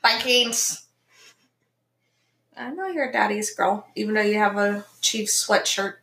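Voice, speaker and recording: A woman's voice: medium pitch, slow, vocal fry, bright, forceful tone, echoey room. A woman co-hosting a casual family podcast, easygoing and laughing along. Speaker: podcast co-host.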